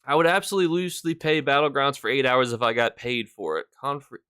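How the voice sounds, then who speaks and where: A man talks loosely to his stream audience, wandering through his thoughts with lots of fillers. His voice is smooth and clear at a middle pitch. It sits close and dry on the mic. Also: quick pace, pushed and bright, dry recording. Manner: chatty, rambling, thanks viewers between points. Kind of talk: casual live-stream chat.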